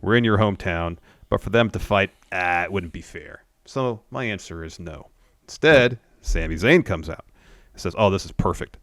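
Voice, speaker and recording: A man's voice: sits low, normal speed, a bit bright, dry recording, studio quality. A man co-hosting a podcast, recapping wrestling in laid-back casual chat and reading out quotes. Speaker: podcast co-host.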